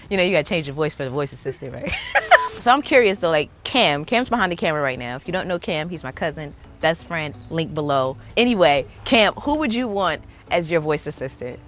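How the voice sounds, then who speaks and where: A woman hosting a casual tech vlog, chatty and excited, often saying "like". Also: sits low, brisk, faint music behind. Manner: chatty, enthusiastic, lots of "like" fillers. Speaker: tech vlogger.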